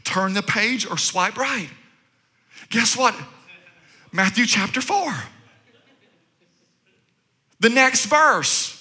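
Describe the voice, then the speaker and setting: High, bright-voiced preaching man. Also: animated, very slow, long pauses. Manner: rhythmic repetition, call-and-response exclamations, joking asides. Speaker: pastor. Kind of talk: sermon.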